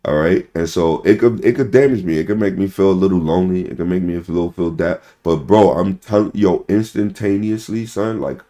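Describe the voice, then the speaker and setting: A man's voice: low-pitched, brisk, hardly any pauses, warm tone. A young man ranting casually to his stream chat, rambling, swearing and repeating "bro" and "son" constantly.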